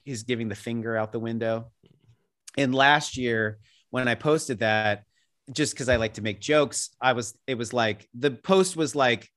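A man talking as an interview guest in a casual podcast conversation, telling rambling anecdotes full of tangents, laughing as he goes and acting out other people's lines in a higher voice. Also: a bit bright. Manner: rambling storyteller who drifts into tangents; acts out quoted people with jumps in pitch.

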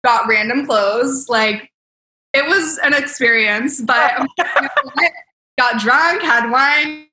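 A woman's voice: high-pitched, takes it slowly, sharp tone, a little hiss or hum. A young woman, a makeup artist, telling stories in casual podcast chat, bubbly and laughing often, full of "like". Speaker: celebrity makeup artist guest. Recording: roomy echo.

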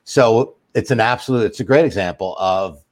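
A man's voice: fairly low pitch, normal speed. A middle-aged man, a guest expert in an interview, explaining a technical subject steadily with everyday examples. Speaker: guest expert on master data.

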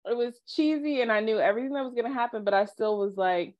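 A woman's voice: on the high side, fast talker, darkish tone. A woman in a casual podcast chat, talking with animation and acting out little quotes in character. She laughs often. Her recording sounds a little dull and lo-fi. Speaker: podcast co-host.

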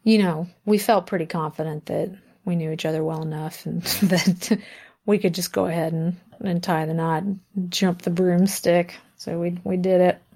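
A woman in her thirties, a musician guest, telling a story in a relaxed interview. She talks in a lively, animated way, often laughs mid-sentence and acts out the lines people said. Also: fairly low pitch, moderate pace.

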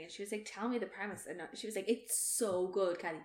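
A young adult woman with an Irish accent, chatting casually with friends, swearing freely and acting out animated stories. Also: mid-range voice, quick pace, echoey room, a little hiss or hum. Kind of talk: casual chat among friends.

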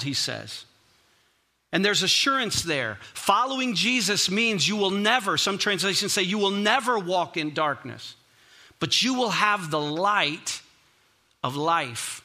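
A man's voice: sits high, expressive, slow pace, bright, forceful tone. A man preaching a sermon as a pastor, conversational and emphatic, often repeating words for stress.

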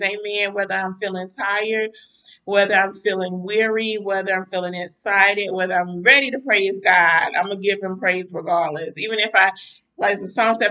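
A woman minister preaches a devotional talk to her listeners, piling up fervent, repeated phrases of praise. Her voice has a bright, forceful edge, though it carries a tired, worn-down weariness. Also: medium pitch, recorded from a distance, rough recording. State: mentally weary, tired-sounding voice. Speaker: minister and podcast host. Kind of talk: devotional talk to a live audience.

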